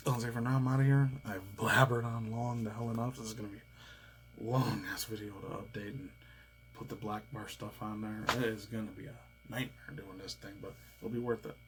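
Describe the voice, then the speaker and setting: A man's voice: mid-range voice, a little hiss or hum, rough recording. A man in his thirties hosting a casual reaction video, rambling in a loose, slangy, chatty way. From United States. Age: 30s.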